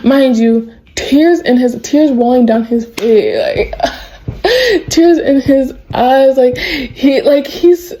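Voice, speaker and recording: Excitable young woman chatting. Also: high voice, slow pace, low-quality recording. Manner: excitable, laughing, full of "like" and "bro". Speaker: vlogger. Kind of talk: casual chat, recapping a show.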